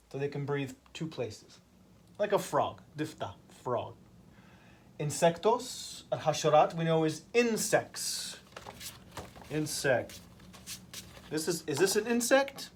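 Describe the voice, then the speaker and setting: Male ESL teacher, slightly high voice, very slow and deliberate, drills vocabulary with easy questions. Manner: repeats key words and asks the class simple questions. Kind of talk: slow vocabulary lesson for language learners.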